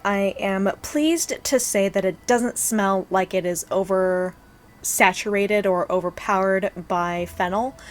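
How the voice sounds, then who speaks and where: A woman reviewing absinthe in a vlog, describing its look and aroma in a measured, descriptive way. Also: medium pitch. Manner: measured, descriptive tasting commentary.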